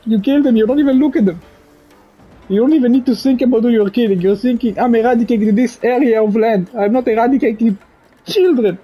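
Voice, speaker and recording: A young man from Israel, crying as he speaks straight to camera, halting and repeating himself, swearing as his voice breaks. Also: sits high, gravelly, warm tone, husky. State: crying, choked up. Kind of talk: emotional direct-to-camera monologue. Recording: dull lo-fi recording.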